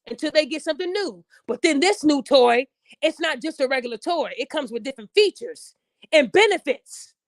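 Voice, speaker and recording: A woman hosts her own podcast, chatting bluntly and casually and acting out quotes in raised voices. Her voice is high-pitched, and the recording is dry.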